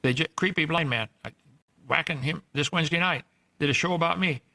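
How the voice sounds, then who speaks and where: A male preacher with a raised, somewhat high voice, gravelly with creak and bright in tone. He preaches in an earnest, pleading manner, scolding the people who will not listen. The clip is played from an archive recording. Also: fairly quick. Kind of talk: sermon on scripture.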